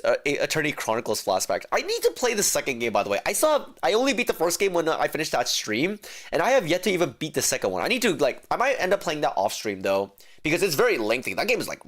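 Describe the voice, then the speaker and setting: A streamer chatting casually with viewers while reading a courtroom game aloud. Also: medium pitch. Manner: chatty, laughing, talks to chat.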